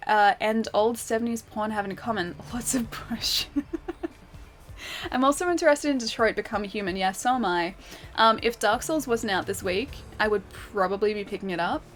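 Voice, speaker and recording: A young woman streaming a game, chatting casually with her viewers, giggling often and filling her talk with little asides. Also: on the high side. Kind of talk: casual gameplay chat, reading chat aloud. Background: faint game music.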